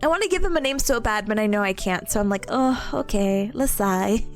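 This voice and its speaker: A woman's voice: fairly high pitch, fast talker, faint music behind. Bubbly, giggly young woman streamer. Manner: bubbly, giggly, storytelling with excited quoted voices. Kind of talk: casual chat with viewers.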